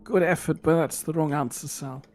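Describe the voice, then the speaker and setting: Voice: mid-range voice, normal speed, a little mellow, a little hiss or hum. Dry, sarcastic voice in banter. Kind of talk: casual banter on a livestream.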